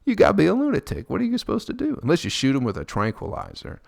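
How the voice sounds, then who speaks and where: A man's voice: huge pitch swings, rapid-fire, vocal fry, dry recording. A man hosting a solo podcast, rambling crudely and joking with lots of swearing, speaking close to the mic. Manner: mimics people in high squeaky voices. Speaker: podcast host. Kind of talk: casual solo podcast monologue.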